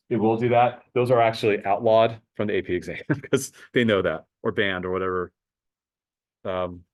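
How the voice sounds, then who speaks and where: A man teaching a high school math class in a casual lecture, talking the students through calculator steps. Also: low-quality recording. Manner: casual, talks to students as guys, thinks aloud with fillers.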